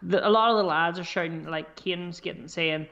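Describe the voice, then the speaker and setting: A man's voice: on the high side, moderate pace, vocal fry, pushed and bright. Casual swearing man on a dull lo-fi mic. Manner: swears freely, talks through squad choices aloud. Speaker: podcast co-host. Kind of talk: casual fantasy football chat.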